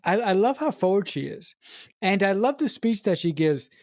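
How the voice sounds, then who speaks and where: A woman's voice: mid-range voice, sing-song, moderate pace, darkish tone, no room sound, studio quality. A woman co-hosting a movie podcast who is also a writer, talking enthusiastically and repeating words as she gathers her thoughts. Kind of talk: casual movie review chat.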